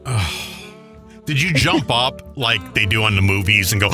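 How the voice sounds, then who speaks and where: A man's voice: fairly low pitch, animated, normal speed, pushed and bright, soft background music. A man co-hosting a casual talk show, teasing and cracking jokes with big laughs. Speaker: co-host. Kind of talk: casual chat.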